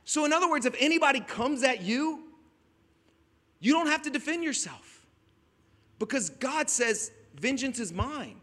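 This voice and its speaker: High bright-voiced guy preaching a sermon, chatty then shouting, long reverb on it. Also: expressive, normal speed, pauses often. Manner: conversational preaching, rising to emphatic shouts. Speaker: pastor. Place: outdoors at a beach gathering.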